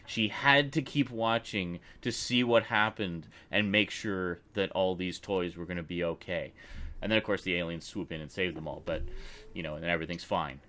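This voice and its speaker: Animated man telling a story. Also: low voice, normal speed. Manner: animated storyteller, laughs often. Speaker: livestream host. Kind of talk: casual chat.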